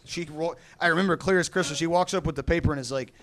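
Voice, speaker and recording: A man's voice: on the high side, a bit bright, a little hiss or hum. Rambling young male stand-up comic. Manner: rambling, halting delivery full of fillers and restarts; acts out other people's lines in shifting voices. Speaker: stand-up comedian. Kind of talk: stand-up comedy set. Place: comedy club stage before a live audience.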